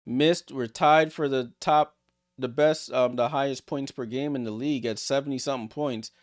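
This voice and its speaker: A man streaming a basketball watchalong, calling plays in casual, excitable, joking commentary. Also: mid-range voice, moderate pace, no echo, clean studio sound. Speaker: streamer hosting a game watchalong. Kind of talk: casual live play-by-play commentary.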